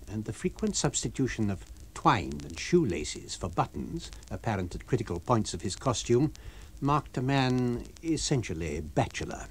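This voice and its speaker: A man reading a novel aloud for radio, with an expressive, varied storytelling delivery. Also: medium pitch, slightly rough. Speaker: reader.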